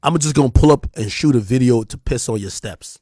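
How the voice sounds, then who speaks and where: A man with a New Jersey accent hosting a livestream, delivering a heated, taunting rant that swings between loud jabs and low mutters. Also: brisk, dry recording, studio quality. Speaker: livestream host. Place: home streaming room.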